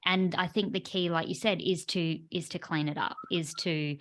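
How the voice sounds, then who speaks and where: A woman in her thirties co-hosting a podcast, talking casually and agreeing warmly, with many "like" fillers. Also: fairly low pitch, fairly even intonation, normal speed. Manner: chatty, warm agreement, frequent "like" fillers. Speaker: podcast co-host. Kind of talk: casual conversational chat.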